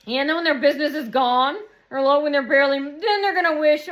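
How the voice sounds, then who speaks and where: A woman's voice: sits high, moderate pace, fairly bright tone. A woman talking straight to camera in a rambling personal monologue, repeating herself and circling back to her point. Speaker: vlogger.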